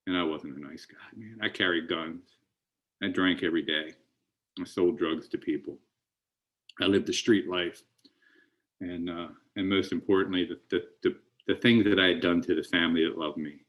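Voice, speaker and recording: A man's voice: sits low, fairly bright tone. A middle-aged man speaking at a recovery meeting, telling his story in an earnest, emotional way with many restarts. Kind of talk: recovery talk.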